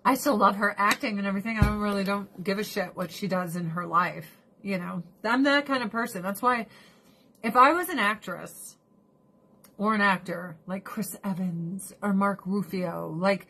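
A woman's voice: medium pitch, expressive, normal speed, sharp tone, slightly rough. A middle-aged woman streamer chatting casually with her viewers, blunt and profane, ranting with animation.

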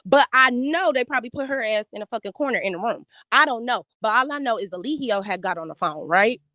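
A woman with a slightly high voice recounts a story on a live stream, animated and profane. The sound is dry and close, with no room around it. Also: fast, dry recording. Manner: animated, profane, acts out quoted speech. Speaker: guest recounting hosting cult members.

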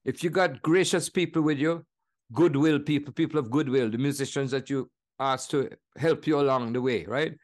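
An older man in his seventies with a Jamaican accent, chatting as an interview guest. He tells his stories animatedly, laughs often and drops into playful impressions. His voice sits at a middling pitch for a man. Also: moderate pace. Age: 70s. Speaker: guest musician. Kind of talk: conversational storytelling interview.

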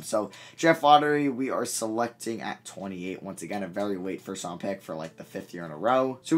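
A man giving casual gameplay commentary as a video creator, chatty and thinking aloud as he goes. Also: fairly low pitch. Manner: chatty, thinks aloud, mild self-corrections.

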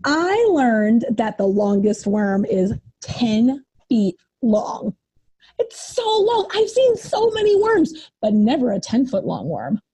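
A woman preschool teacher reading a picture book aloud to young children in an animated, sing-song way. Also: a little high, slow pace, slightly rough.

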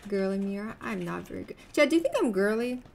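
A woman's voice: medium pitch, lively intonation, quick pace, vocal fry, slight background noise. A young woman streaming a game live, chatting with viewers and a teammate in a rambling, giggly way. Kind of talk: casual live-stream chat while gaming.

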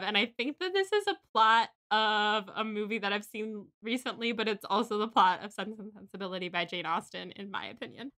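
A young woman co-hosting a casual book podcast, chatty and animated as she recaps chapters and swears now and then. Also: medium pitch. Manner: chatty, swears, acts out quotes. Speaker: podcast co-host. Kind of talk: casual book-club chat.

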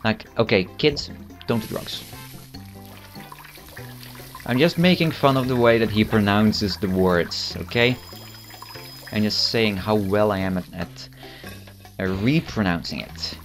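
A teenage boy with a lowish voice rambles through casual gameplay commentary, amused at his own jokes. He stumbles over fillers and restarts his sentences as he goes. Game music plays faintly behind him. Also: lively intonation, unhurried. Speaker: channel host.

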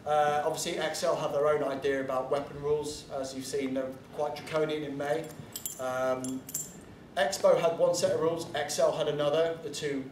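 A man's voice: fairly high pitch, flat delivery, moderate pace, darkish tone, slight background noise. A man giving a casual convention panel talk, chatty and blunt, drifting into asides and the odd swear word. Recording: echoey room from far off, faint ambience.

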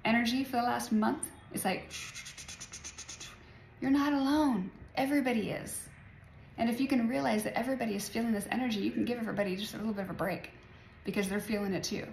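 A woman in her forties chats to her followers in a loose, wandering way and laughs often. Her voice has a gravelly, fry-heavy texture. The sound is roomy and echoey, with faint ambience behind her. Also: on the high side, steady tone, fast talker, darkish tone, slight background noise. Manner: chatty, rambling, laughs often. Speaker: spiritual vlogger. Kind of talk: casual spiritual talk to viewers.

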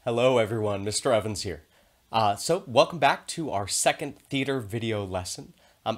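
A man teaching a theater video lesson to young children, speaking in a clear, encouraging and expressive way. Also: on the low side.

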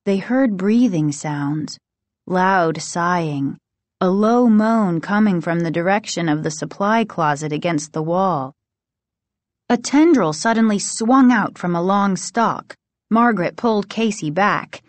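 A woman narrating a children's horror novel in a slow, suspenseful reading. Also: on the low side, no room sound. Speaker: audiobook narrator. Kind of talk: storybook narration.

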